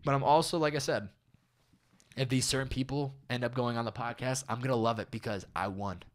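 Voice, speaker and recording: A man's voice: mid-range voice, steady tone, a little fast. A young man, a podcaster guest, talking casually and candidly in an interview, rambling a bit and acting out quoted lines.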